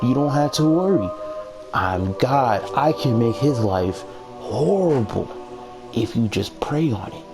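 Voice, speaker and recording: A man voicing God as a calm, reassuring male figure in a storytime. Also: medium pitch, unhurried, music in the background. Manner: soothing, laid-back.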